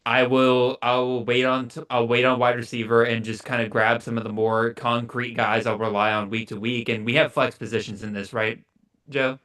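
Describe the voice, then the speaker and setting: A guest drafter on a video call with a bright, forceful tone and a mid-range pitch. He talks in an upbeat way and teases the other players, and the call gives the sound an online feel. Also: level tone, moderate pace. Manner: upbeat, teasing banter. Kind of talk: live draft stream chat.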